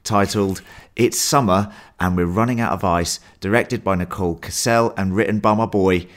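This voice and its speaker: Deep-voiced podcast host. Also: male voice, steady tone, normal speed. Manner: chatty, teasing, laughs often. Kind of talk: casual podcast chat.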